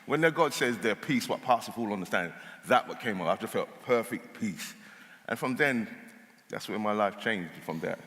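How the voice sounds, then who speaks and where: Animated storytelling man, low voice. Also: moderate pace. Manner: casual speech with dropped words. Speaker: interview guest. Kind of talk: storytelling in an interview. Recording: long hall reverb in a church.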